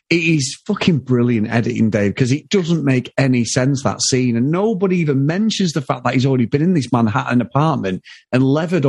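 Animated sweary British man, lively pitch. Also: breathy edge, no room sound, clean studio sound. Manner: animated, sweary, laughs often. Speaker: podcast co-host. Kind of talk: casual film review chat.

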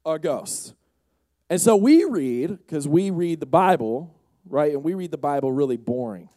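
A young man preaching a lively youth sermon, shouting and acting out the characters of the story. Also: fairly high pitch, unhurried, no room sound. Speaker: youth pastor.

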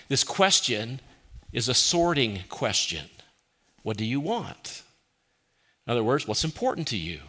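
Guy preaching a sermon, bright clear voice, keeps asking questions then goes soft and quiet. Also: medium pitch. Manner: asks many rhetorical questions, drops soft and quiet for quoted lines. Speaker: pastor.

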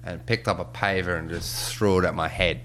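A man in casual chat, telling a sweary, animated story and laughing as he goes. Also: sits low, fairly quick, a little hiss or hum.

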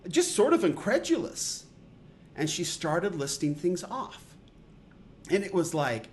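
Man, middle-aged, podcast host, casual storytelling, rambling, self-deprecating, higher voice. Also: very animated, slow pace, pauses often, slight background noise. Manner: rambling, self-deprecating, lots of restarts and fillers.

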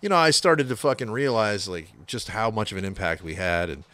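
A man from the San Francisco Bay Area, a metal guitarist telling his band's story in a casual, profane, animated way, acting out what people said. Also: on the low side, a little fast. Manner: profane, animated storyteller, acts out quoted voices.

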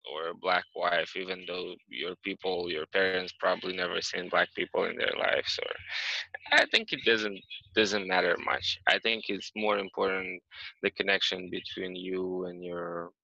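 A man's voice: deep voice, fairly even intonation, normal speed, vocal fry, sharp tone, no echo. Man, thoughtful, dull dry lo-fi sound. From Moldova. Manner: thoughtful, searching for words. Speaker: panel guest. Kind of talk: reflective conversation.

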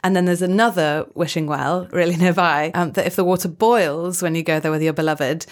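A woman's voice: fairly low pitch, steady tone, brisk. A Welsh woman guest telling a folk tale in a chatty podcast conversation, laughing often. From Wales. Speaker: guest storyteller. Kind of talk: casual storytelling chat.

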